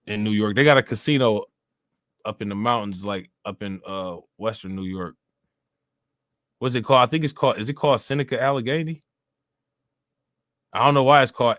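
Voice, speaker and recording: A man's voice: on the low side, fairly bright tone, no room sound, studio quality. Laid-back, laughing man streaming live. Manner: loose and profane, laughs often, repeats himself. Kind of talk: casual live-stream commentary.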